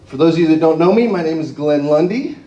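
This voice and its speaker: A man giving an animated storytelling speech to a live audience, often tagging his lines with "right?". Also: on the high side, quick pace, lo-fi sound. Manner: animated, tags phrases with "right?". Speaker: motivational speaker. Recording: echoey room, far from mic.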